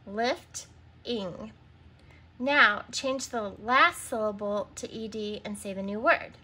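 Her voice is medium in pitch and sharp in tone, and she never hurries. In this recorded lesson she teaches young children to read, sounding out words, spelling each one letter by letter, and patiently coaxing answers from them.

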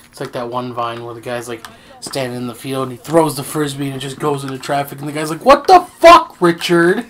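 A man co-hosting a game playthrough, cracking quick jokes and doing silly voices. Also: medium pitch, flat delivery. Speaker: gameplay co-host. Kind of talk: casual gaming banter.

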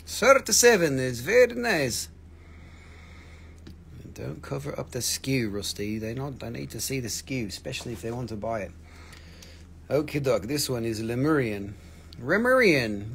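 A man hosting a live crystal sale, joking and rambling with viewers, his throat acting up so he keeps clearing it. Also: medium pitch, sing-song, measured pace, a bit bright, a little hiss or hum. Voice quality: gravelly, husky. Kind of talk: casual livestream sales chat. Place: shop studio, indoors.

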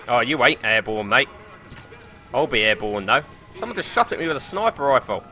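A young man streaming a game live, commentating excitably with frequent swearing and laughter into a desk or headset microphone. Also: mid-range voice, a little fast, soft background music. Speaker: gaming streamer.

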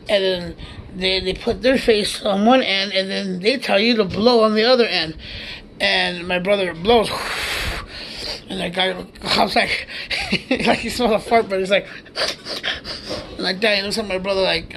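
A man's voice: high-pitched, gravelly, a bit bright, slight background noise. A man from the United States telling a rambling, profane story in a casual way, laughing as he goes.

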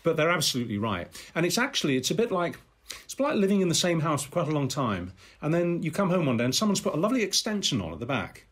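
An older man, a guest on a podcast interview, telling family anecdotes in an animated way, with many restarts and acted-out voices. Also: on the high side, fast talker, slightly rough. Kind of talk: anecdotal storytelling.

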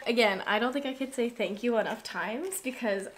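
A young woman vlogging an unboxing, gushing and excitable, with lots of "like" in her talk. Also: a little high, moderate pace. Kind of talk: casual unboxing chat.

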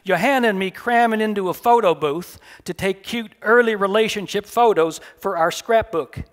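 A man reading his own fiction aloud at a live café event. His voice sits high for a man, and he tells the first-person story in a dry, wry manner. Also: moderate pace.

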